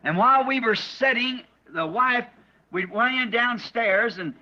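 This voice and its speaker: A man's voice: extremely high pitch, a little slow, bright, forceful tone. A man preaching a sermon, telling an earnest story in folksy speech and often repeating his words. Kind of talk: sermon testimony. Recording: dull lo-fi archive sermon tape.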